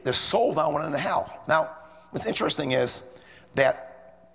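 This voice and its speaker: A man's voice: fairly high pitch, lively intonation, unhurried, creaky, fairly bright tone. A man preaching a sermon, telling stories animatedly and reading King James verses aloud. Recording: long reverb of a large room.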